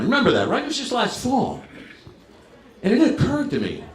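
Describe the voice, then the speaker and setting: A man's voice: very high-pitched, huge pitch swings, fairly quick, roomy sound. A man in his fifties from New Jersey doing a brash, crowd-working stand-up set. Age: 50s. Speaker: stand-up comedian. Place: bar stage.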